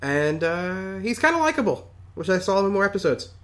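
A man's voice: sits high, big pitch swings, brisk, a bit bright. A man co-hosting a casual chat, hesitant, with many fillers and restarts. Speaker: podcast co-host.

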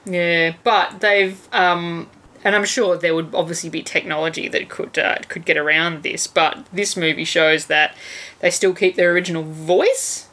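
A woman's voice: lowish voice, steady tone, normal speed, bright, forceful tone. A woman co-hosting a casual film chat, candid and chatty with frequent fillers. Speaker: podcast co-host.

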